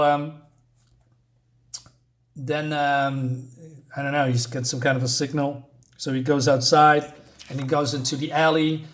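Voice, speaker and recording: A man with a somewhat high-pitched voice talks through a comic book review in a loose, casual way. He rambles, stops to rant, and restarts his sentences over and over, filling the gaps with ums and uhs. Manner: rambling, ranting, lots of fillers and restarts.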